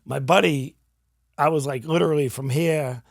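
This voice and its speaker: A man in his forties from New England, a podcast guest telling his story in a blunt, animated way with casual swearing. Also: on the high side, normal speed, gravelly, no room sound, studio quality.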